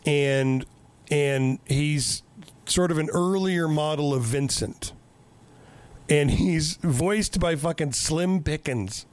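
A man's voice: fairly high pitch, slow. A man on a casual podcast, recapping a movie in a rambling, joking, profane way.

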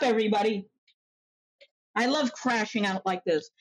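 A woman's voice: a little high, animated, a little fast, a little hiss or hum, low-quality recording. A woman live streaming from her desk in a small room, irritated and sarcastic, swearing as she rants. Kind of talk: ranting live stream talk.

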